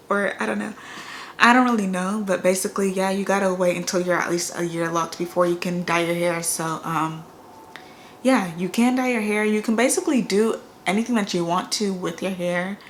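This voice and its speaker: A woman's voice: medium pitch, a little hiss or hum. A young adult woman chatting casually on her vlog, laid-back and rambling with frequent fillers and restarts. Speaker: vlogger. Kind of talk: casual chat.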